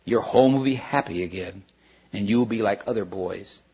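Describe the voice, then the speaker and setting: A man's voice: fairly low pitch, normal speed, darkish tone, breathy edge, pitched below the performer's own voice. A man doing a proud coaxing witch. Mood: persuasive. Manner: coaxing, wheedling persuasion. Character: proud tempting female witch, cold and coaxing. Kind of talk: reading a storybook aloud. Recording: dull lo-fi recording.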